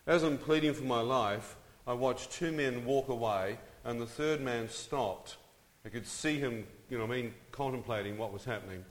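A man's voice: medium pitch, normal speed, hardly any pauses. A middle-aged man dramatically telling his own story to an audience, often turning to them with questions and asides. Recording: long reverb of a large hall.

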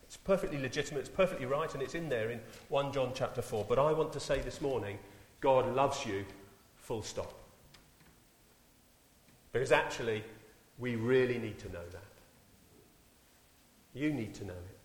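Preacher in an echoey church. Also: male voice, mid-range voice, normal speed, long pauses. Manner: storytelling, rising to emphatic exclamations. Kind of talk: sermon with a children's story. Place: church hall. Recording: echoey church with long reverb.

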